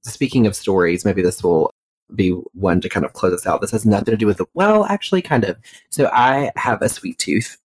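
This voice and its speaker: A woman co-hosting a podcast, telling an animated story full of fillers and swearing. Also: rumbling low, fairly quick, slightly rough, no echo, poor audio. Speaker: podcast co-host. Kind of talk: casual chat, storytelling.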